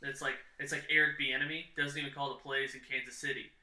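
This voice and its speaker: A man's voice: medium pitch, level tone, fast, bright, forceful tone. Chatty man hosting a podcast in an echoey room. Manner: chatty, leads topics, filler-heavy. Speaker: podcast host. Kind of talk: casual sports chat.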